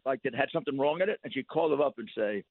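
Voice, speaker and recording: A man's voice: mid-range voice, rapid-fire, vocal fry, slightly rough, no echo. Older New man on a phone line. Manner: animated storytelling, repeats words, laughs. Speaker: interview guest. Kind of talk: casual radio interview. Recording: thin phone-line sound.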